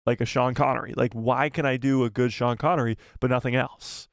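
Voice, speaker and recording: A man's voice: medium pitch, fairly even intonation, brisk, gravelly, no room sound, studio quality. A young man hosting a casual live stream from a small home room, chatty and laughing often as he thanks donors.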